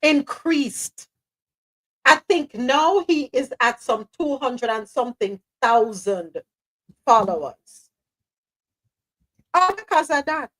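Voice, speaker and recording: A woman's voice: high-pitched, slow, pauses often, low-quality recording. A Jamaican woman hosting a live talk show, speaking emphatically and sometimes slipping into patois. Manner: animated, emphatic, slips into patois. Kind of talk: casual talk-show commentary.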